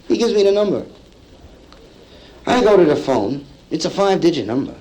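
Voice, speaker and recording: A male stand-up comedian telling a story to a live audience, acting out the people in it with lively punchlines, from an old vinyl comedy album. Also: fairly high pitch, normal speed, low-quality recording. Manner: acts out characters in the story, lively punchline delivery. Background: audience laughter.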